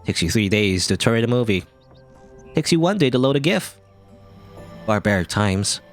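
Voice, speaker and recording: A man's voice: on the low side, sing-song, normal speed, soft background music. A man from Canada casually commenting on a video game he plays, rambling and joking. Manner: chatty, rambling, jokey. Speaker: let's play host.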